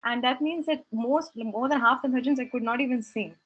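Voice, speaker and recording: A woman's voice: a little high, a little fast, husky, dull audio. A young woman telling her story at a devotional gathering, earnest and reflective, with hesitant restarts. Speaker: satsang speaker sharing her story. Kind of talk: personal testimony talk.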